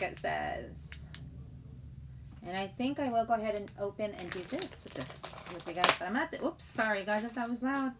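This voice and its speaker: A woman's voice: on the high side, a bit bright, slight background noise. Chatty, giggly woman livestreaming. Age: middle-aged. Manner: chatty, giggly, rambling, greets chat viewers. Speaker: livestream host. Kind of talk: casual livestream chat.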